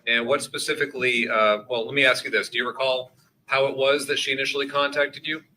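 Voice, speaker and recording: A man questioning a witness in court in a measured, formal way. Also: medium pitch, flat delivery, sharp tone, rough recording. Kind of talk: courtroom examination.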